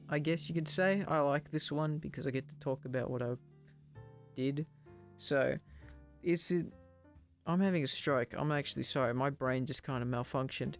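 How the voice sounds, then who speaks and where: Rambling young man with faint guitar music. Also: on the high side. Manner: rambling, self-deprecating, stumbles over words. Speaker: podcast host. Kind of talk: casual solo podcast chat.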